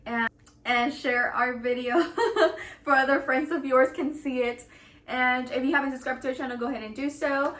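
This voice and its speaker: A woman's voice: high-pitched, fairly even intonation, normal speed, a bit bright. A woman vlogging with her partner, giving a casual outro to viewers. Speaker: vlogger, expecting mother. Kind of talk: casual couple vlog talk. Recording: echoey room.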